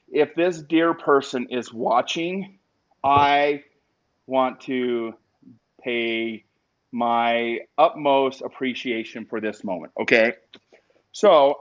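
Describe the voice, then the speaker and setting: A man hosting a live stream in casual chat, talking to his viewers in an emotional, chatty way. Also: mid-range voice. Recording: dull lo-fi stream audio.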